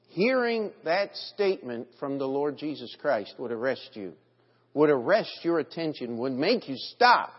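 A man preaching an evening sermon in an earnest, emphatic way, reading scripture aloud. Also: a little high. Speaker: pastor. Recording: dull audio with long church reverb.

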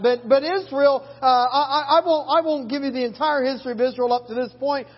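A man preaching a sermon at an evening church service, folksy, with many restarts and fillers like "man" and "boy". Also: very high-pitched. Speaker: missionary preacher. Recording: dull lo-fi church recording with long reverb.

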